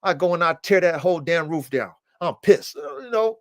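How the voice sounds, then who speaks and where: A man in casual storytelling mode, animated and profane, who often jumps into loud, high rants. His voice sits a little high for a man. The recording is dry and close, with almost no room sound. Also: a little fast, hardly any pauses, no echo. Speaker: podcast host and dog breeder.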